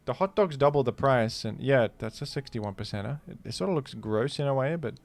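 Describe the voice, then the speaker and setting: A man's voice: medium pitch, animated, brisk, gravelly, soft background music. A man hosting a gaming video, giving casual, rambling commentary with a joking, incredulous manner. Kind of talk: casual commentary while playing.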